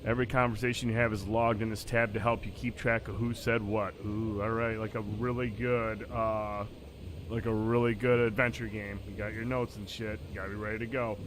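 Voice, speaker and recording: A man's voice: lowish voice, little pitch movement, brisk, noisy background. A man chatting casually and reading game lines aloud as he streams a video game, swearing now and then. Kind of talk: casual live-stream commentary. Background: game music.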